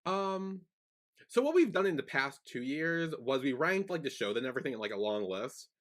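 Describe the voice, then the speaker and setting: A young man co-hosting a casual podcast, rambling and animated with lots of fillers and restarts. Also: a little high, moderate pace. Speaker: podcast co-host. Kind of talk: casual chat.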